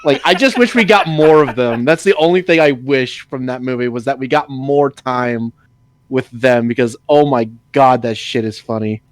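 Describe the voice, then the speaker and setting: A man's voice: moderate pace, no echo. A young man chatting casually as a podcast co-host, laughing a lot and acting out quotes. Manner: laughs often, acts out movie quotes in high voices. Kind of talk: casual chat.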